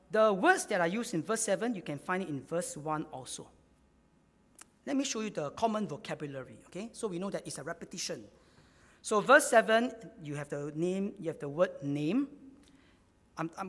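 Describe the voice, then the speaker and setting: A man's voice: sits high, fairly bright tone. Man preaching in a reverberant hall. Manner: repeats key phrases for emphasis, sometimes rising in energy. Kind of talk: sermon.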